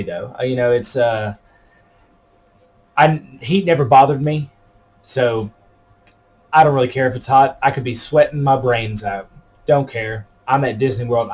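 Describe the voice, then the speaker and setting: A man's voice: mid-range voice, darkish tone. A man in his thirties vlogging in a casual, rambling way, with plenty of fillers and restarts. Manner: rambling, easygoing, many fillers. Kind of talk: casual chat to camera.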